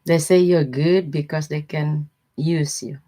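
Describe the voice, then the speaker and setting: A woman chats on her own live stream in an unhurried way, as if talking over tea with viewers. Her voice sits a little low, and her English is loose and broken as she rambles through stories and greets people by name. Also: fairly even intonation, dark tone. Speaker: tarot reader host.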